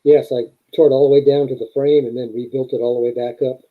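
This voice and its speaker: Husky man on a tinny call. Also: mid-range voice, little pitch movement, quick pace. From North Carolina, US. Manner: plain, matter-of-fact answers. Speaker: guest. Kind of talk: answering questions on a live call. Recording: tinny phone-like call audio.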